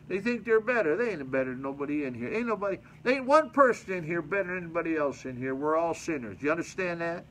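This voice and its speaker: A man's voice: on the high side, lively intonation, fast talker, hardly any pauses, a bit bright, slight background noise, poor audio. A male pastor preaching a sermon at a mission church, reading scripture and adding folksy, colloquial commentary to his congregation.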